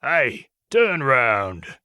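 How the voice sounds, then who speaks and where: A man voicing a rude, hulking male wolf brute with a raspy Cockney accent. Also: medium pitch, big pitch swings, drawn-out words, pushed and bright, no echo, studio quality, heavily acted. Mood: menacing. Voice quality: sandpaper rasp.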